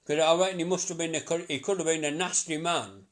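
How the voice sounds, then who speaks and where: A middle-aged man with a voice pitched a touch high gives a psychic reading to a sitter. He talks in a chatty, looping way, repeats himself and laughs easily between his lines. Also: fast talker. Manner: chatty, repetitive, laughing often. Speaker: psychic medium.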